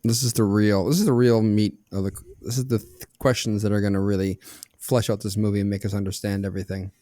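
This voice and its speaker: A man co-hosting a movie podcast who asks dry, drawn-out rhetorical questions in casual chat. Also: lowish voice, flat delivery, mellow, no room sound. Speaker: podcast co-host.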